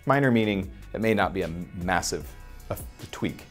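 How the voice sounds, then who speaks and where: A man's voice: fairly low pitch, expressive, normal speed, soft background music. A man talking as a life coach on a podcast, blunt and profane, acting out little scenes as he makes his points. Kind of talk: motivational podcast talk.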